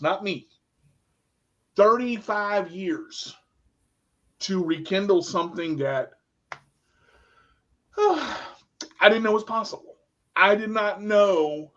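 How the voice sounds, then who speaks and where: A middle-aged radio host with a high, slightly bright voice tells a personal story casually, growing emotional, repeating himself and often restarting sentences. The lo-fi recording sounds dull.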